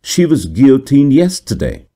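A man's voice: medium pitch, big pitch swings, moderate pace, dark tone, voice pushed up. A man playing an aghast police officer. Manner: exclamatory, aghast. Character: startled male police officer.

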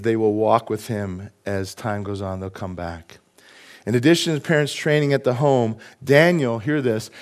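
A middle-aged man delivers a sermon in a church sanctuary. He preaches in a lively, conversational way, often turning to the congregation with quick asides. His voice sits in an ordinary middle register. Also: medium pitch. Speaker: pastor.

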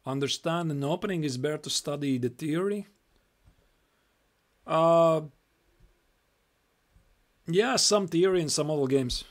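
A man's voice: on the high side, unhurried, long pauses. Chatty Latvian man teaching chess on stream. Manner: chatty, repeats phrases, reads moves aloud. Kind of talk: live-stream chess lesson.

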